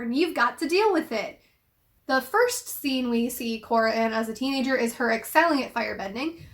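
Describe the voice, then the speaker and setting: A young woman giving an opinionated, emphatic video commentary, pausing often with ums. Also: on the high side, fairly bright tone. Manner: critical, emphatic, with frequent ums. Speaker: video essayist.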